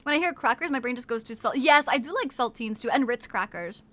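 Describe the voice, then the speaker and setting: A young woman streaming from home, chatting casually with viewers in a bubbly, excited way while snacking on crackers. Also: fairly high pitch, brisk.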